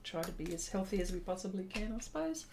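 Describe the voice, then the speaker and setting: A woman's voice: medium pitch, sing-song, quick pace, background noise. A middle-aged woman artist hosting a livestream, reading viewers' comments aloud and chatting back with lots of fillers. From lives in Texas. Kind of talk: casual livestream chat while drawing.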